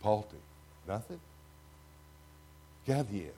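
An older man with a Texan accent preaching a sermon to a congregation, swinging from loud, emphatic lines to hushed ones. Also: fairly low pitch, expressive, slow pace, a little hiss or hum. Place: church before a congregation.

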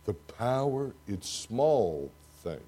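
An older man with a Texan accent preaching a sermon to a congregation, swinging from loud, emphatic lines to hushed ones. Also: mid-range voice, sing-song, takes it slowly, breathy edge. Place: church before a congregation.

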